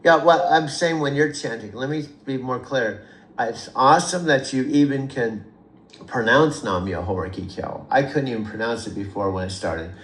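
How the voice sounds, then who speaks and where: Everyday mid-pitched man, gentle teacher energy, recorded in a reverberant room with low noise. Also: moderate pace. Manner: patient, encouraging, laughs easily, repeats himself. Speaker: chanting practitioner coaching an AI. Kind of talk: casual instructional talk. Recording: echoey room with faint background noise.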